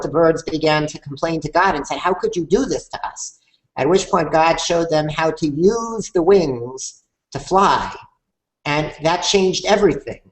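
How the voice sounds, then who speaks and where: Guy hosting a talk, calm and thoughtful, a few ums here and there. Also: a little high, poor audio. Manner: measured, thoughtful, slightly hesitant with fillers. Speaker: host, conversation moderator. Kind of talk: reflective conversation.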